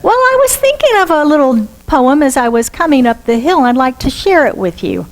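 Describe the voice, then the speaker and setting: A woman's voice: high-pitched, sing-song, a little fast, voice pushed up, rough recording. Pooh, a woman doing an eager simple bear. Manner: eager, rambling, fumbling. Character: gentle simple-minded male bear.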